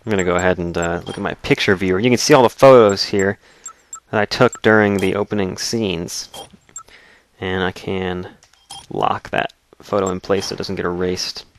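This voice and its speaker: A man's voice: sits low, steady tone, moderate pace, a little hiss or hum. A man hosting a let's play, giving casual gameplay commentary in a joking, explanatory way with frequent chuckles.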